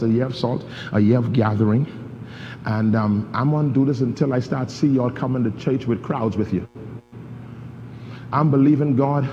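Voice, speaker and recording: A male pastor preaching a sermon, leading his congregation through a reading and swinging between shouting peaks and low asides. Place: church sanctuary. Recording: dull reverberant church recording with faint noise.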